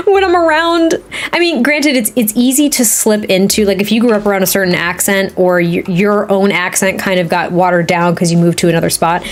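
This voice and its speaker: A woman live streaming while she builds in a game, chatting and rambling to her viewers and laughing often. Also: mid-range voice. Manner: talks to chat viewers, reads their comments.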